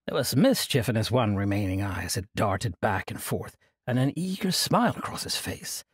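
A man narrating a fantasy audiobook in an expressive storytelling manner. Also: lowish voice, moderate pace, slightly rough, dry recording, studio quality.

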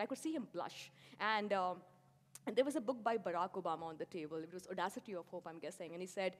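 A woman's voice: on the low side, quick pace. A woman, giving a public lecture with sardonic, ironic asides. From India. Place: festival lecture hall. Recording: echoey lecture hall.

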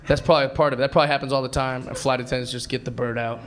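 A man performing live stand-up, telling a story in an excitable way and acting out other people's voices. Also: mid-range voice, rapid-fire. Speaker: stand-up comedian. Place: comedy club stage before a live audience. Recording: live club recording with crowd laughter.

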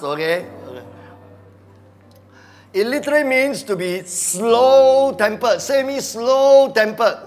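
A man with a Malaysian English accent preaching a sermon as pastor, animated, dropping to muttered asides and acting out quoted voices. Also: sits high. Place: church.

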